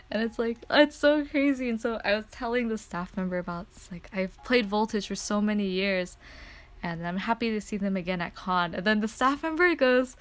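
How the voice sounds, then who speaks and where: A young adult woman streamer telling a story in a casual chat. She is excitable, laughs often and says "like" a lot. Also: fairly high pitch, normal speed.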